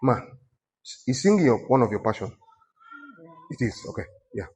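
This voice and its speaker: Very animated and darkish in tone, this medium-pitched male voice belongs to a Nigerian pastor delivering a sermon at normal speed. He speaks conversationally, exhorting and teasing the people in front of him.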